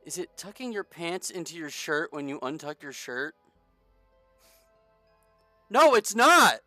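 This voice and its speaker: A man's voice: on the high side, moderate pace, bright, forceful tone, dry recording, faint music behind. A man giving casual gameplay commentary, jokey and sarcastic, reading the game text aloud as he plays. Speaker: gaming streamer.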